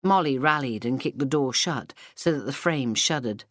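A woman reading an audiobook novel aloud in a steady, measured way into a close mic. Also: extremely low pitch, dry recording. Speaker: audiobook narrator. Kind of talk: scripted narration. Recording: dry studio sound.

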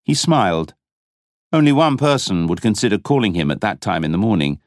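A man reading a novel aloud as an audiobook narrator, in a dramatic, expressive style. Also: fairly low pitch, a little fast, no echo, studio quality. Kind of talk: scripted narration.

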